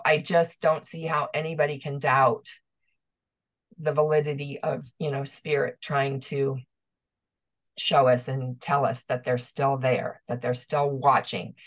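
A middle-aged woman, a medium as guest, telling personal stories in a rambling, emotional way with many restarts. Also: very deep voice. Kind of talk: conversational storytelling.

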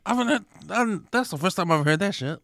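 Gravelly man, halting casual chat. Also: sits high, expressive, fairly bright tone, no room sound, studio quality. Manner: halting, restarts often, laughs readily. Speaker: podcast co-host.

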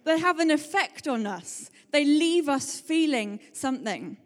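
A woman preaches in a lively, conversational way, telling everyday stories in quick bursts. Her voice sits fairly high. A long reverb hangs behind her, as in a church hall. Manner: chatty, animated storytelling, fast bursts. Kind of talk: sermon.

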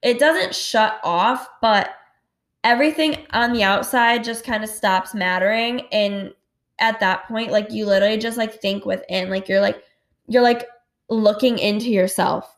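A woman hosting a casual solo podcast, talking candidly, swearing freely and saying "like" a lot. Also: medium pitch. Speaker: podcast host. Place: home at night. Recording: roomy echo.

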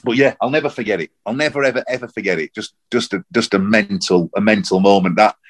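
A man, rambling and animated in casual football chat on a podcast. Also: on the low side, fast. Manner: rambling, animated, repeats himself. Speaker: podcast co-host.

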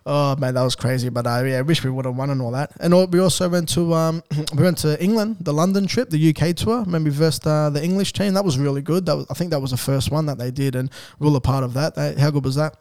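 Matey Australian podcast host. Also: male voice, on the high side, fairly even intonation, fast, few pauses, a little mellow, clear, resonant tone, dry recording, clean studio sound. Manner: matey, laughs often. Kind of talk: casual chat.

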